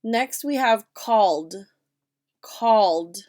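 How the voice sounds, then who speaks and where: A woman teacher giving a reading lesson to young children, speaking slowly and clearly and asking the class questions. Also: mid-range voice. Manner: slow, clear classroom delivery with questions to students.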